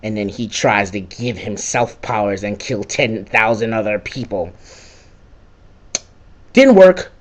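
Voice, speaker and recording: A man's voice: lowish voice, animated, slow, long pauses. A young man giving a casual, profane and sarcastic rant recapping a video game.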